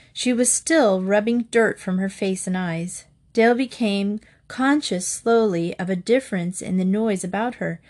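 A woman narrating a children's western storybook in a steady, expressive reading. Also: mid-range voice. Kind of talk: storybook read-aloud.

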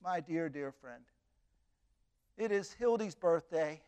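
A man reading out a letter as an elderly woman from a mining camp, soft and heartfelt. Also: fairly high pitch, lively intonation, takes it slowly, smooth, voice pushed down. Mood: tender. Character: elderly woman Hildy, warm, tender, touched.

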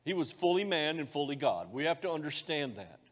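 A man's voice: a little high, sing-song, a little fast. Fervent man preaching in a reverberant church. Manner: swings between loud fervent preaching and quiet intimate speech; folksy, joking delivery. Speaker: pastor. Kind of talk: sermon. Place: church sanctuary. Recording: long hall reverb of a church.

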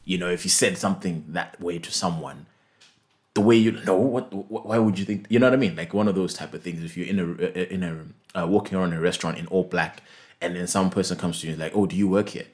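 A man's voice: low voice, quick pace, darkish tone. A young Zimbabwean man whose first language is Ndebele, telling a story in casual chat and acting out both sides of a phone call.

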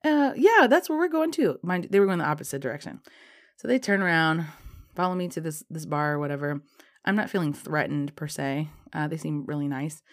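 A woman with a notably low speaking voice tells a personal story to her viewers. She is chatty and loose, leans on fillers, and slips into lively acted-out dialogue as she goes. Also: a little fast. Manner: chatty, lots of fillers like "um" and "you know".

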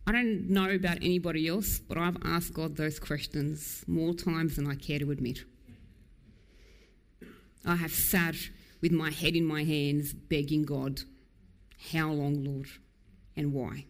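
A woman preacher delivering a sermon in a church, earnest and emphatic, quick in places and slow and low on key lines. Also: steady tone.

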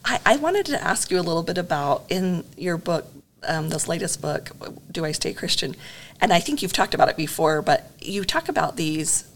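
Woman host with a lowish voice. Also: big pitch swings, normal speed. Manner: warm-hearted, frequent affirming backchannels. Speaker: podcast host, interviewer. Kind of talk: conversational interview.

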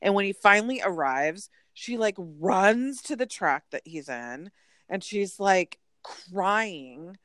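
A woman co-hosting a casual chat, animated and storytelling, full of "like" asides. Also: medium pitch, slow, no room sound, studio quality. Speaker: podcast co-host. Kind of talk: casual chat recapping a reality show.

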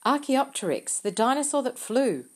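A woman's voice: high-pitched, animated, moderate pace, voice pushed up. A woman reading an audiobook, voicing an earnest young girl who explains things with intense, insistent eagerness. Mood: earnest, eager. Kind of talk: audiobook character voice.

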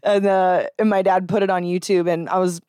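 A woman's voice: lowish voice, little pitch movement, fairly quick, dark tone, smooth, dry recording, studio quality. Chatty young woman, mild Texan accent. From Texas. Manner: chatty, laid-back, laughs often. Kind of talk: casual chat.

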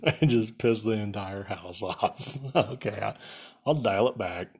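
Rambling husky-voiced man. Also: lowish voice, lively intonation, unhurried. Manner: rambling, lots of "like", laughs at own jokes. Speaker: podcast host. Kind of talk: casual storytelling rant.

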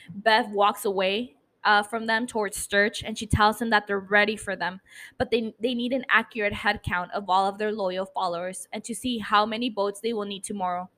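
A woman's voice: medium pitch, a bit bright, poor audio. A woman hosting a podcast from her apartment, casually recapping an episode and swearing freely as she talks into a mic. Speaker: podcast host. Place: home apartment. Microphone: studio mic.

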